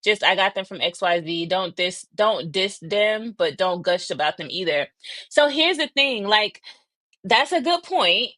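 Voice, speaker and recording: Young woman streamer, chatty and laughing, a bit breathy, dry close sound. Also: medium pitch, lively intonation, measured pace, pushed and bright, no echo. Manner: chatty, laughs often, thinks aloud; slightly breathy from asthma. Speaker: livestream host. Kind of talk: casual livestream chat.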